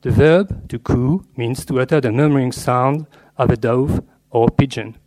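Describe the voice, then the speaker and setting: Man at a lectern reading a measured, scholarly paper on literature; middle-range voice, steady academic delivery. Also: medium pitch. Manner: measured and scholarly, slipping in Latin and French terms. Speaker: literature scholar giving a lecture. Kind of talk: academic lecture read from a paper.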